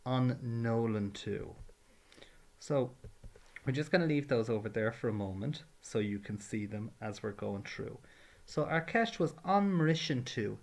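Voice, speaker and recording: A man's voice: mid-range voice, creaky. A man teaching a patient, step-by-step grammar lesson. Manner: patient, explains carefully, drills verb forms. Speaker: Irish language teacher.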